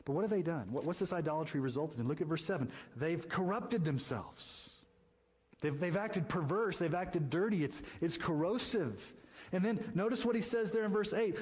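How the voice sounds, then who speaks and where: A man's voice: animated, normal speed, slightly rough, rough recording. Impassioned male pastor preaching a sermon. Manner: impassioned preaching, climbs high and loud when stressing points.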